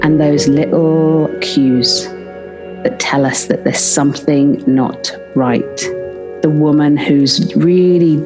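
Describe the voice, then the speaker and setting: A woman's voice: deep voice, fairly even intonation, slow, music in the background. A British woman who works as a midwife, telling a story in a podcast interview and acting out the dialogue she quotes. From Britain. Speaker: midwife guest.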